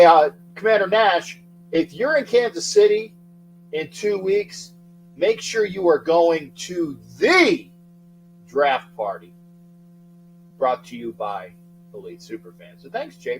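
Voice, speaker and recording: Middle-aged male sports streamer, lively up-and-down delivery, slightly high voice, shouty greetings, rambling chat. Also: measured pace, soft background music, low-quality recording. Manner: excitable, shouts out viewer names, rambling. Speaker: livestream sports talk host. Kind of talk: casual livestream chat greeting viewers.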